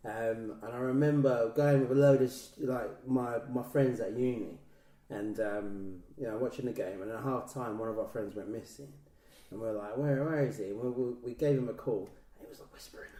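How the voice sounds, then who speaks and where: A man's voice: mid-range voice, fairly even intonation, moderate pace, dark tone. A man in his thirties telling stories in a casual podcast chat, with many fillers and restarts. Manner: hesitant, filler-heavy storytelling. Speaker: podcast host. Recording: roomy echo, distant mic.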